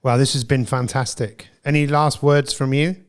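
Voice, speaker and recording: A man's voice: medium pitch, flat delivery, moderate pace, clear, resonant tone. A man hosting a podcast interview, asking questions in an encouraging way. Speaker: podcast host. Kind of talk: casual interview chat.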